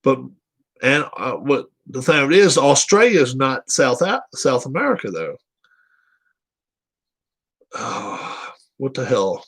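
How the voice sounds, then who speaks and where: A man's voice: mid-range voice, big pitch swings, slow, long pauses, fairly bright tone, husky. A man hosting a casual live chat show, reading viewer comments aloud and teasing them with frequent laughs.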